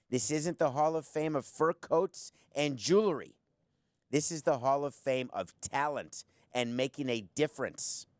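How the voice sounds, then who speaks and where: A man's voice: on the high side, a little mellow, dry recording. A middle-aged man hosting a sports talk show from a studio, giving combative opinions and teasing his producer. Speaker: sports podcast host. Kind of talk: opinionated sports commentary monologue.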